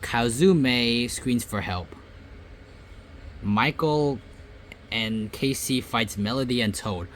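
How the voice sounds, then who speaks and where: A young man casually reading out game results and reacting with loud, surprised outbursts. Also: medium pitch, slow, long pauses, slight background noise. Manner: reads results aloud, then breaks into loud surprised outbursts. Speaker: gaming YouTuber reading a simulator.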